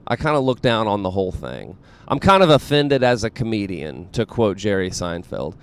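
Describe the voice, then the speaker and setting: A man's voice: on the low side, smooth. A man hosting his own show as a comedian, in a rambling, self-deprecating monologue full of fillers, with a Southern US accent.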